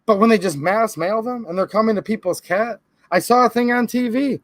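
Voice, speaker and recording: Stream host, male, high voice, rambling emphatic delivery, dry home-studio sound. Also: a little fast, no room sound. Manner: rambling, emphatic, defensive asides. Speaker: channel host answering viewer comments. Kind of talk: casual live-stream talk.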